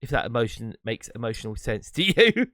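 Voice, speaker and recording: Lively, rambling British-sounding man. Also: mid-range voice, fairly quick, dry recording, clean studio sound. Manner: rambling, reflective, breaks into laughs. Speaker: podcast host and streamer. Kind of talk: casual solo monologue.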